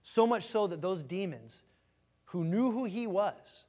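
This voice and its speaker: A man preaches with lively energy, stumbling over and repeating words as he builds his points. His voice sits a little higher than most men's. The sound carries a long reverb, as in a large church sanctuary. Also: a little slow. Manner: animated preaching with repeated restarts. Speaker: pastor. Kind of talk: sermon.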